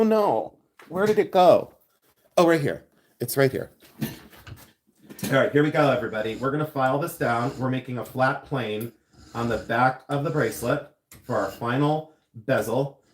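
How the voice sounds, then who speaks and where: In an echoey jewelry studio, a chatty man with a mid-range voice hosts a silversmithing livestream. He rambles through stories and tangents while casually demonstrating how jewelry is made.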